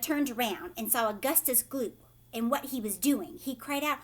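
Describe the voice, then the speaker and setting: Teacher lady reading a kids book out loud, high animated voice, asks questions in soft asides. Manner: pauses to ask listeners questions, whispered asides. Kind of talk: reading a chapter book aloud to children.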